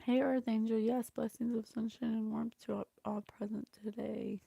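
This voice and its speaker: A woman's voice: fairly high pitch, little pitch movement, normal speed, vocal fry, warm tone, husky, no echo. A woman hosting a casual spiritual livestream, chatty and effusive, thanking viewers and reading a psalm aloud. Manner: chatty, effusive, laughs often, reads scripture aloud. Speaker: psychic reading host.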